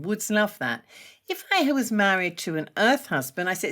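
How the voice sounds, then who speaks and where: A woman's voice: mid-range voice, sing-song, normal speed, fairly bright tone. A woman who teaches energy medicine, a guest on a podcast, explaining her practice in a chatty, enthusiastic way and laughing often. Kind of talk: explanatory interview talk.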